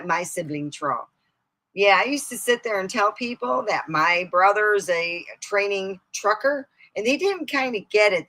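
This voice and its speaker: Slow-talking bright-voiced woman streamer. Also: medium pitch, low-quality recording. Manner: chatty, laughs loudly, shrieks at punchlines. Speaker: comedy streamer. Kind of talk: casual rambling live-stream chat.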